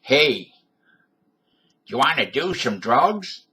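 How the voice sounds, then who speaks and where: A man's voice: medium pitch, very animated, extremely slow, pushed and bright, slightly rough, heavily acted. A man voicing a pushy male peer who coaxes someone to take drugs, in a casual comedy skit recorded on a webcam. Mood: coaxing. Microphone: webcam microphone.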